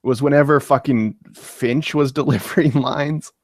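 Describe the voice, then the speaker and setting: A man's voice: mid-range voice, a little slow, no echo, studio quality. A young man co-hosting a casual movie podcast, laid-back and swearing casually as he talks. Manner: laid-back, laughing, profane. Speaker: podcast co-host.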